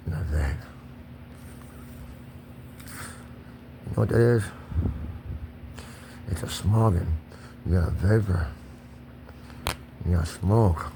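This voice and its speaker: A man rants alone to the camera in a fairly low voice, cursing freely and circling back over the same lines. His delivery is erratic and confrontational, and a faint hiss of ambience sits under the recording. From Kentucky. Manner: erratic, profane, confrontational, repeats himself. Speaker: vlogger. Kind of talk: solo profane rant to camera.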